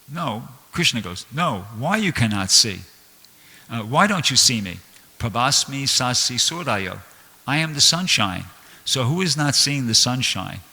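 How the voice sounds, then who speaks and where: A man's voice: on the low side, pushed and bright. A man giving a conversational, earnest scripture class in a temple hall, reading and explaining quotes. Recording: reverberant hall.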